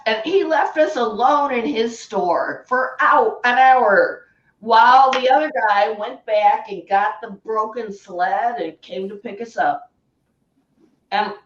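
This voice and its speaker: A woman with an Upper Peninsula Michigan accent, chatting and telling stories casually with a bit of swearing. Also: a little high. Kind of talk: casual chat. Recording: roomy, distant, muffled audio.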